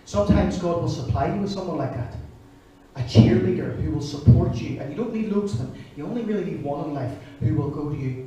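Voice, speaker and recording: A man in his forties preaching a sermon, telling stories in an animated way. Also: on the high side, brisk, a little hiss or hum. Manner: animated storytelling, acting out voices. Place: church service. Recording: echoey church hall from far off.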